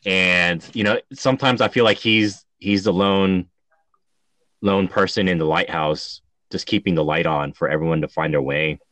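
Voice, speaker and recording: Guy hosting a chill chat, kinda low voice, dry sound, lots of ums and likes. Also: normal speed, no room sound. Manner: storytelling, animated, many fillers. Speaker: host. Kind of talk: casual chat.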